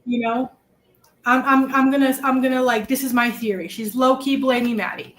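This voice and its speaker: High-voiced Massachusetts woman, worked up. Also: normal speed. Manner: animated, worked up, swears. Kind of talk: casual true-crime chat.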